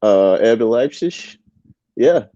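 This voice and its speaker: On a live-stream match watchalong, a male co-host keeps the chat relaxed, full of slang and frequent laughter. He speaks slowly and animatedly in a warm, mid-range voice, and the audio is dull with no echo.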